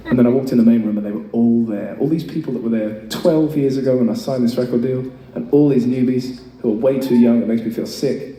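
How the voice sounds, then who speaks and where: A man in his thirties spins a rambling, self-mocking tale from a concert stage, cursing casually as he goes. His voice sits at an ordinary pitch but comes across distant and echoey, as if captured from out in the hall with loud ambience around it. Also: a little fast, hardly any pauses, slight background noise. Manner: chatty, self-mocking, swears freely. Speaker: singer performing live. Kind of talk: on-stage storytelling between songs. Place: large concert venue, in front of an audience. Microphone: stage mic through a PA.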